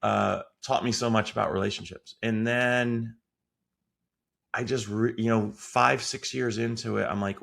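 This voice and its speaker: A man from Connecticut talks as a podcast guest, animated and quick to laugh. His low voice carries a gravelly fry. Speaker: guest, sales consultant. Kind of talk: casual interview chat.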